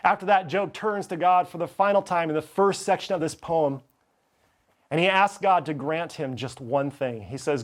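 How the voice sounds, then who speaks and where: A man's voice: fairly high pitch, normal speed. A man preaching a sermon as pastor, reading scripture passages with dramatic delivery. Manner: expressive, reads scripture dramatically.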